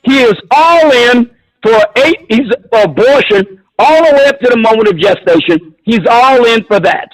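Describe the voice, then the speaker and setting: High-pitched man, combative and profane. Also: lively intonation, moderate pace, rough recording. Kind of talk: heated call-in argument.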